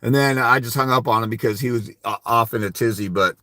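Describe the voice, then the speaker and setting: Hosting a fathers' rights livestream, a blunt, profane man hands out casual legal advice and tells stories with quoted dialogue. His mid-range voice is quick and sharp, recorded at studio quality with no room sound.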